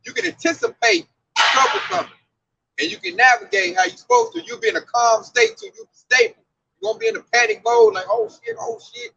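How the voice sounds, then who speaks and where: Brief: excitable male preacher, very high lively voice, bright edge, dull lo-fi recording. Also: a little fast, vocal fry. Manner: excitable, exclaims and riffs loosely. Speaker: street preacher. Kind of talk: informal preaching chat.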